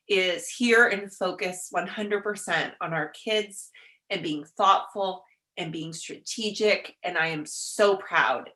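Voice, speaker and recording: Bright-voiced woman, emotional and halting. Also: mid-range voice. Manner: emotional, halting, laughing through tears. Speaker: school board clerk. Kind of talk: thanks at a virtual board meeting. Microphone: video call.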